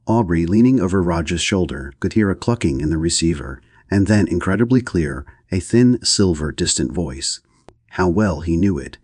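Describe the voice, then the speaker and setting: A man reading a classic novel aloud as an audiobook narrator, in a steady, even manner. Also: deep voice, moderate pace, breathy edge, dry recording, studio quality.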